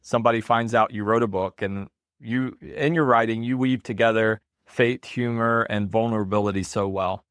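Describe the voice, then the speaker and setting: Man, podcast host, interviewer, affirming, asks open questions, low pitch, dry. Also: fairly even intonation, moderate pace, fairly bright tone, smooth, no echo. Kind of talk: interview conversation.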